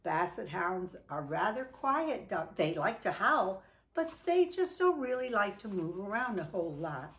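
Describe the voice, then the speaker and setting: A woman reading a children's picture book aloud, with lively, drawn-out delivery. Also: mid-range voice, reverberant. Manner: animated, drawn-out, voices for characters. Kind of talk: children's storybook read-aloud. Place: indoors at home.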